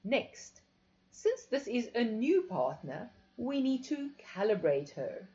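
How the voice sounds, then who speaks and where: A woman's voice: fairly high pitch, big pitch swings, slow, mellow. A woman voicing a sultry, commanding female instructor who gives teasing, authoritative instructions. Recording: dull lo-fi recording.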